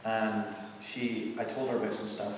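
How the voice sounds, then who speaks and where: A man's voice: lowish voice, little pitch movement, moderate pace, slight background noise. A middle-aged man, a preacher telling earnest, conversational stories to a visiting group inside a large church building. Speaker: preacher and evangelist. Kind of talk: storytelling talk to a visiting tour group. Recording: echoey hall from far off.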